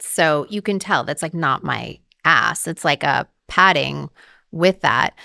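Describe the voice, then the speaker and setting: A woman's voice: deep voice, creaky, sharp tone, clean tone, no room sound, clean studio sound. A woman in her forties, a guest on an interview show, telling stories in casual chat with lots of "like" fillers and acted-out quotes. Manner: chatty storyteller, many "like" fillers, acts out quotes.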